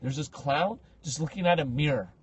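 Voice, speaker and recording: A man telling a story on a casual podcast, slangy and animated, acting out the people in it. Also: a little high, normal speed, breathy edge, no room sound, lo-fi sound. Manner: animated, acts out quoted speech with big loud jumps; slangy, says bro and like a lot.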